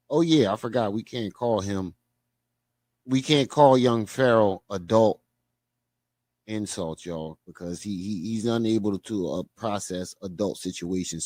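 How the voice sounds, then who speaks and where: A man's voice: lowish voice, darkish tone, no echo. A man hosting a reaction commentary, mocking and profane in a sarcastic drawl. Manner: sarcastic, profane, drawn-out mockery. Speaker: commentary host.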